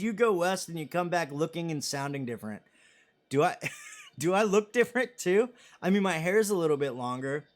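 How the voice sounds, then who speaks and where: A man in his thirties hosting a live stream, chatting casually and rambling as he reads viewer comments and jokes about himself. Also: on the high side. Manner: self-deprecating and joking.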